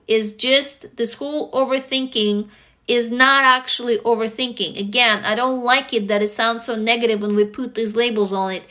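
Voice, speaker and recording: A woman's voice: on the high side, sharp tone. A tired woman hosting a casual livestream, talking candidly with viewers, swearing freely and tossing them rhetorical questions. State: tired, sleepy. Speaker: livestream host answering viewers.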